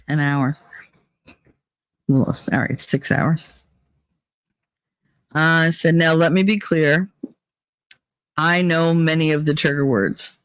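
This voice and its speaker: Her voice is low and a bit worn as she hosts a livestream, drifting between reading chat messages and thinking things through out loud. She's candid and joking but clearly tired, and the recording has no echo.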